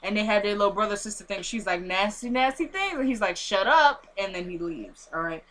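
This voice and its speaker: A woman with a bright, forceful voice gives a casual, rambling recap of an episode. She is full of fillers and slips into the characters' lines as she retells them. A faint hiss sits under her voice. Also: mid-range voice, quick pace. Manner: chatty, filler-heavy, acts out the characters' lines.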